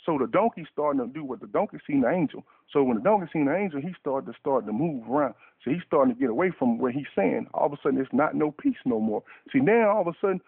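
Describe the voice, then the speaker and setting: Gravelly man preaching over a tinny phone line. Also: on the high side, animated, quick pace, few pauses, dry recording. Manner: repeats and restarts words in fervent bursts. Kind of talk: fervent sermon on internet talk radio.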